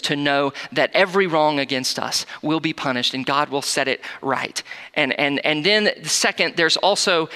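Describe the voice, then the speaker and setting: A man preaching a sermon in an earnest, animated way, often repeating words as he restarts a thought. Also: fairly high pitch. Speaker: pastor. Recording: long hall reverb.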